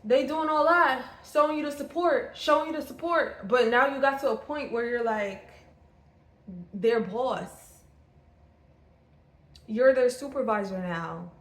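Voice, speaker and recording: A woman's voice: unhurried, long pauses. A woman giving an intuitive tarot reading, blunt and profane, circling back and repeating her points. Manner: acts out the other person's thoughts in a lower, quieter voice. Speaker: tarot reader. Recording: roomy echo.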